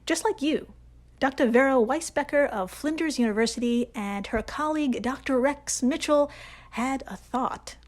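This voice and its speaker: A woman hosts a comedic science podcast. She talks in a fairly high voice and delivers facts with playful, jokey asides. Her emphasis swoops up and down for comic effect. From United States. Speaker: podcast host.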